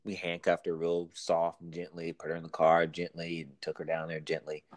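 Male cop guest, very low voice, thoughtful and halting, dry close sound. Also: completely flat delivery, no echo. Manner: halting, reflective, with restarts. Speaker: police officer guest. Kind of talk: casual chat.

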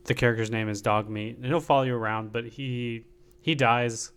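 A man's voice: medium pitch, steady tone, moderate pace, fairly bright tone, smooth. A man chatting on a gaming podcast, explaining things in a matter-of-fact way. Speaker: podcast panelist. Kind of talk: casual chat.

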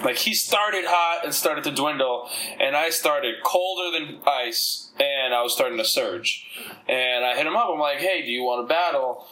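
A man's voice: fairly high pitch, measured pace, pushed and bright, rough recording. A man talking as a comedian guest on a casual podcast, rambling and swearing as he tells stories. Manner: rambling, profane, laughs while telling stories.

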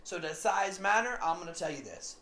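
A man's voice: high-pitched, expressive, brisk, bright, forceful tone, a little hiss or hum. A man telling a story in a casual, rambling monologue, repeating himself often. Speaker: vlogger.

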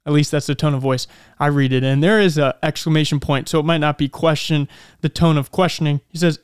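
A male podcast host gives an earnest, reflective faith talk and slows down to stress key lines. His voice is smooth and resonant. The sound is dry and close, with no room echo. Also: high-pitched. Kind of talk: faith-based motivational talk.

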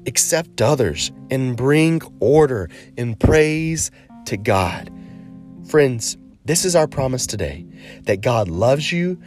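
A man preaching a sermon as a pastor, earnest and encouraging, slowing down to stress key phrases. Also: mid-range voice.

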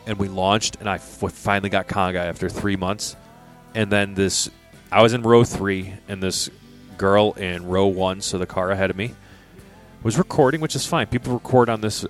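A young man co-hosting a casual podcast, telling an exasperated, profane story about a theme park ride. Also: deep voice. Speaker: podcast co-host.

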